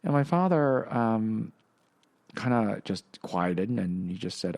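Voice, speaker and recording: A middle-aged man hosting a podcast, telling a personal story in a halting, reflective way with many fillers and restarts. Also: fairly low pitch, lively intonation, gravelly, darkish tone. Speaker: podcast host.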